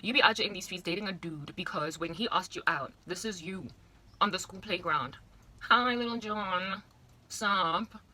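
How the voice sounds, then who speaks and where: South african woman, 30s, kinda rambly and jokey, lowish voice but real bright and punchy. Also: fairly quick, husky. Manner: rambling, playful, exaggerated asides. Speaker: vlogger. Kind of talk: casual monologue to camera.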